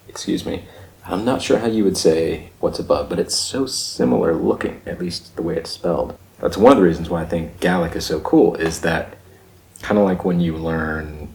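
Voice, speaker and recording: Very deep-voiced man reacting, echoey room. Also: a little mellow. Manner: thinks aloud with fillers, repeats words to sound them out. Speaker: channel host reacting to a video. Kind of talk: casual reaction commentary.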